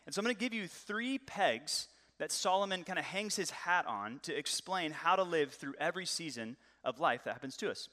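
A man in his thirties preaching a sermon in a fairly high, bright voice. He keeps it lively and conversational, with jokes along the way. His voice rings out in a long reverb that fills the hall. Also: moderate pace, few pauses. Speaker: pastor.

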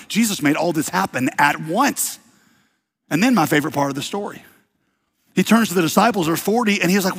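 A man preaching to his congregation in a long-echoing hall. His voice sits a little high and has a husky edge. He tells the story with lively swings between soft, quiet asides and shouted high points. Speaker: pastor. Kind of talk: sermon.

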